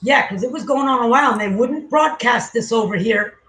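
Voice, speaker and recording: A man's voice: very high voice, a little fast, pushed and bright, a little hiss or hum, poor audio. A man hosting a casual livestream, talking loosely and profanely and trailing off mid-sentence. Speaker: livestream host. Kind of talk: casual rambling livestream chat.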